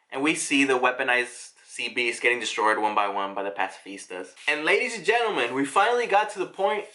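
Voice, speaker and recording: Excitable man with a high, lively voice. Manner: excitable, chatty, laughs often. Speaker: manga reviewer. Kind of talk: casual chapter review.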